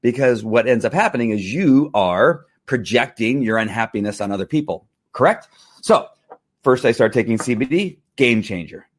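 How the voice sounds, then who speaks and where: A middle-aged man talking casually to camera in a testimonial vlog, animated and full of restarts and fillers. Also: medium pitch, normal speed. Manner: animated, acts out angry outbursts, many fillers and restarts. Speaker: vlogger selling wellness products.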